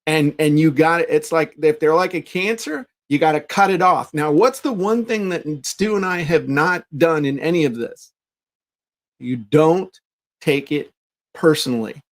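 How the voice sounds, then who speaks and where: A man's voice: a little high, moderate pace. A middle-aged man co-hosting a podcast in casual chat, telling stories animatedly and acting out quoted lines. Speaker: podcast co-host.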